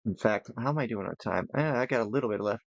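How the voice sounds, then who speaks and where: A man's voice: lowish voice, fast, vocal fry, no echo, highs cut off. A tired man giving casual, rambling commentary while playing a modded building game, thinking aloud as he goes. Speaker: gaming channel host.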